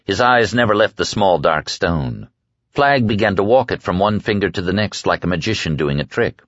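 Low-voiced man narrating an audiobook. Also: animated, normal speed, a bit bright, dry recording, highs cut off.

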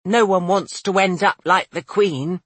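Narrator putting on a scared young maid, husky, slow, nervous whispery bits. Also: mid-range voice, dry recording. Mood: fearful. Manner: anxious, hushed. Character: fearful young woman maid.

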